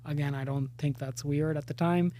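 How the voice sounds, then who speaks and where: Animated, self-mocking man telling stories. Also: a little high, moderate pace, slight background noise. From India. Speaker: actor and podcast guest. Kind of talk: casual storytelling chat.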